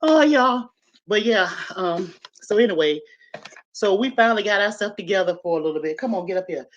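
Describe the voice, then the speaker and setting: A woman's voice: medium pitch, fairly quick, dull audio. Chatty woman live streaming from home. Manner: chatty, profane, addresses viewers as y'all. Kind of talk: casual live stream storytelling. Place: at home, moving from kitchen to living room. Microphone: laptop on a live stream.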